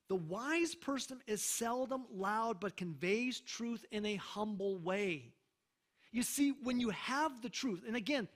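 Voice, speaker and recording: A man preaching a sermon as pastor, emphatic, slowing down for scripture readings and checking in with the congregation. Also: high voice, a bit bright.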